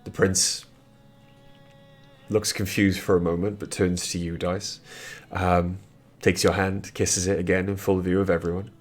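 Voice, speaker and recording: A man narrating as game master of a tabletop game, describing scenes in halting steps with fillers. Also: low-pitched, little pitch movement.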